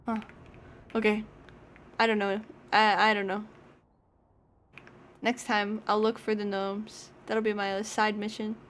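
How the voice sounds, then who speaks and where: A woman's voice: mid-range voice, little pitch movement, measured pace, long pauses, a bit bright. A young woman streaming a game, chatting casually, swearing, laughing and yelping when startled. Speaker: VTuber streamer. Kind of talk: casual gaming stream chat.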